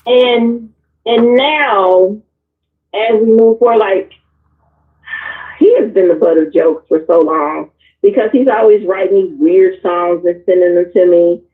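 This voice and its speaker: A woman's voice: medium pitch, measured pace. A candid woman telling frank personal stories in loose, casual chat, recorded over a tinny, phone-like line. She is a guest on a discussion panel. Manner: candid, animated storyteller.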